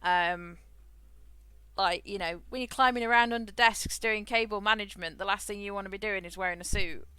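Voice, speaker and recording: A woman's voice: mid-range voice, fairly even intonation, brisk, bright, forceful tone, clean tone. A woman streamer chatting casually and rambling as she plays a game, often laughing. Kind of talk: casual chat while gaming.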